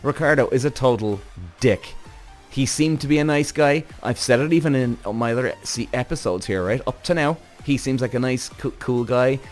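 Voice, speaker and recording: Male podcast host, mid pitch, loose, excitable and profane delivery, faint music underneath. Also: moderate pace. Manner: animated, rambling, swearing, exclamatory. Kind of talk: casual commentary on a TV series.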